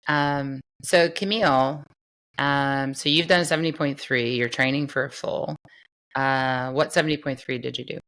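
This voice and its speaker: A middle-aged woman hosting a podcast and coaching triathletes, hoarse after losing her voice, chatting in a rambling, laughing way. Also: a bass voice, steady tone, moderate pace, a bit bright. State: hoarse from a lost voice. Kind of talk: casual podcast chat.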